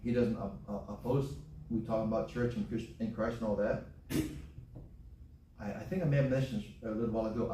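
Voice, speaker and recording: Male preacher, sermon, folksy, repeats himself for emphasis, mellow voice, echoey hall from far off. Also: mid-range voice, slight background noise. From Hawaii. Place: church sanctuary.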